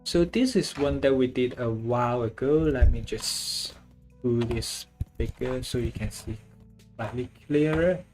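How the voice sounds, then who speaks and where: A laid-back artist talks through a drawing session at an unhurried pace, rambling loosely and leaning on filler words. Soft music plays faintly underneath. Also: mid-range voice. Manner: swears casually. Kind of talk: casual chat while drawing.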